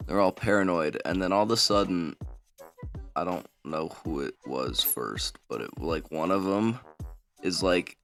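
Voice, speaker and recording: A man's voice: low-pitched, animated, a little slow, creaky, fairly bright tone, soft background music. A man casually retelling a fantasy book, rambling with lots of fillers. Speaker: book summary vlogger.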